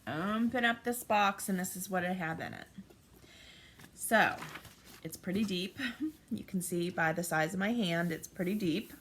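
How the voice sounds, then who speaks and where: A woman's voice: fairly low pitch, measured pace. A woman in her forties giving a casual craft tutorial at home, chatty and thinking aloud with frequent ums. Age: 40s. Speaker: craft vlogger. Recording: steady background noise, paper crinkling.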